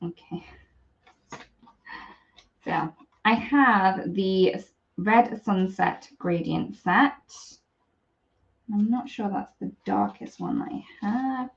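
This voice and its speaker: A woman's voice: mid-range voice, extremely slow, vocal fry, pauses often, highs cut off. A woman demonstrating craft products on a live stream, chatty and apologetic as she works. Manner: chatty, apologetic, talks while working.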